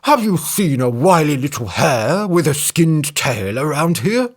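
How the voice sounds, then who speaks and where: A big, strong storybook elephant, gruff and blustering, with a swinging, lively delivery. He sounds nothing like the narrator's plain tone, as a storyteller puts him on. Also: medium pitch, a little slow. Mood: wheedling, puffing.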